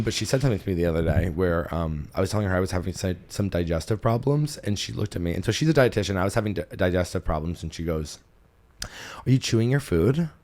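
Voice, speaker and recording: A man hosting a comedy podcast, talking in a casual, animated monologue, laughing often, swearing and swinging between loud and soft. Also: sits low, slight background noise. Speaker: podcast host, stand-up comedian.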